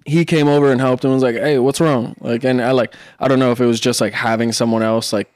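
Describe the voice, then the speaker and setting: A man's voice: mid-range voice, fairly even intonation, fast, a little mellow, no echo. A young man in casual chat, rambling with lots of fillers and swearing as he talks about his son. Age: young adult.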